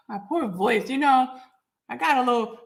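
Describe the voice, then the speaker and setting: Raspy blunt woman podcast host. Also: on the high side, unhurried. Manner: blunt, confrontational, addresses chat by name. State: getting over a cold. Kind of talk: live-stream talk to commenters.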